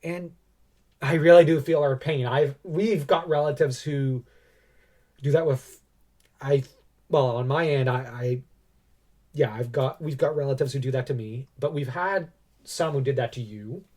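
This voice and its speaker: A man's voice: medium pitch, a little slow, long pauses, a little mellow. A man hosting a podcast, retelling a movie scene in a rambling, chatty way. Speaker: podcast host. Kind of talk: casual movie review chat.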